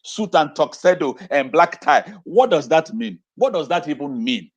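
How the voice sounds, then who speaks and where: A man on the high side, with lively intonation and a normal speed, comes through on a muffled recording. As an educator being interviewed on a video call, he talks passionately, repeating phrases and raising rhetorical questions.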